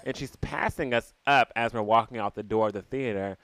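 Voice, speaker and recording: A man's voice: fairly quick, no room sound. A man co-hosting a podcast, telling a story in casual chat and acting out the people in it. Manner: animated storyteller, acts out quotes in a high voice. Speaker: podcast co-host.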